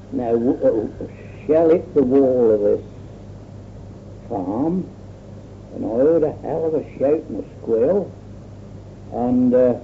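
A man's voice: medium pitch, vocal fry. An older man telling his own war memories in a rambling, plainspoken way. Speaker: war veteran. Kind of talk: oral history recollection. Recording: tinny lo-fi old recording with faint hiss.

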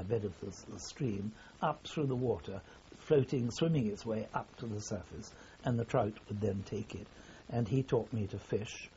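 An older man recalling his army years in a halting, formal way, pausing often with fillers. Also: on the low side, mellow, a little hiss or hum. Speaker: interviewee. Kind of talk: oral history reminiscence. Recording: dull lo-fi recording.

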